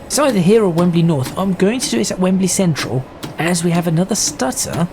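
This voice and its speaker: A man's voice: high-pitched, expressive, a little fast. Man, casual gameplay host, stop-start chatter, train noise underneath. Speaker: gaming video host. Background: train sim game noise.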